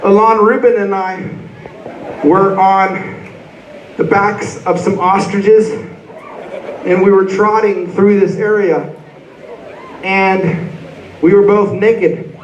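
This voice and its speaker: A man's voice: high-pitched, steady tone, slow pace, long pauses, muffled recording, a little hiss or hum. A rock band frontman doing profane, rambling onstage banter between songs at a live concert. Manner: profane, rambling, joking storyteller. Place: large concert hall stage. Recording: echoey, distant audience recording.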